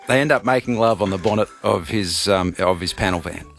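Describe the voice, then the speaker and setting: Bright-voiced radio host. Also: male voice, low-pitched, vocal fry, soft background music. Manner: chatty, halting storyteller with many fillers. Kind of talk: morning radio banter, telling a joke.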